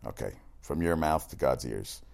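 A man's voice: extremely low pitch, animated, normal speed, gravelly, a little mellow. A middle-aged man hosting a sports talk show, talking casually and bluntly, with frequent asides and swearing. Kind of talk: casual sports radio monologue.

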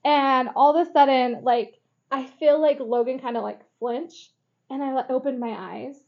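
A woman's voice: high-pitched, steady tone, moderate pace. A young woman co-hosting a podcast, telling a story in casual chat, giggly and rambling with lots of fillers. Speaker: podcast co-host. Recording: dull lo-fi sound.

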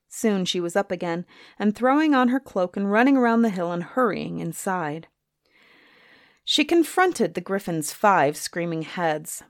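A woman storyteller reading a storybook aloud in an expressive, gently animated way. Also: medium pitch, no room sound, studio quality.

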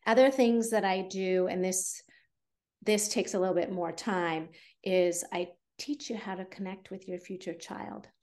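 A woman's voice: medium pitch, steady tone, unhurried, darkish tone. Earnest woman fertility coach. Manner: earnest, explaining, with fillers. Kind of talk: podcast interview.

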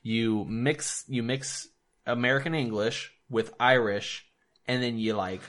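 A man's voice: medium pitch, unhurried, fairly bright tone. A young man co-hosting a podcast in a loose, joking, swearing casual chat. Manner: laid-back, swearing, jokey. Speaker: podcast co-host.

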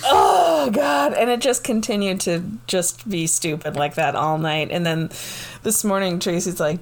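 A woman in her thirties telling a story in casual chat, animated and giggly, swearing freely. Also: mid-range voice, a little slow.

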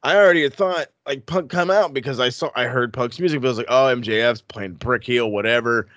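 A man co-hosting a casual wrestling podcast, talking in an animated, profane way that swings into excited outbursts. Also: mid-range voice, fairly quick, dry recording, muffled recording. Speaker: podcast co-host.

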